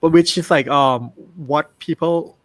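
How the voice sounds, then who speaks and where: A man's voice: on the high side, measured pace, fairly bright tone, no echo. Thai-accented man, hesitant casual chat. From Thailand. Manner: hesitant, many ums and restarts.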